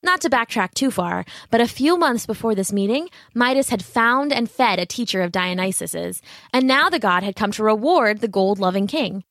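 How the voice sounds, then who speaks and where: A woman's voice: mid-range voice, lively intonation, moderate pace, a bit bright, dry recording, clean studio sound. A woman narrating a fairy tale steadily, with asides to the listener. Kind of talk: storybook narration.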